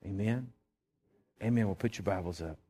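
A middle-aged man, a pastor preaching a sermon and telling a personal story in a folksy, animated way. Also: on the low side, normal speed, slight background noise.

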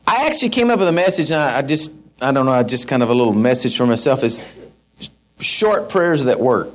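A middle-aged man preaching a sermon in a folksy, animated way, with asides to the congregation. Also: medium pitch, racing. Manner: folksy, animated, with asides and shouted mock-rants. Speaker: pastor.

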